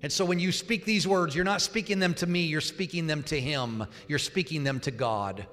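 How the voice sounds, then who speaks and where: A man preaching as a pastor, giving an altar call and leading a loud, fervent prayer in a church. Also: a little high, normal speed. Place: church sanctuary. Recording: reverberant hall with faint music.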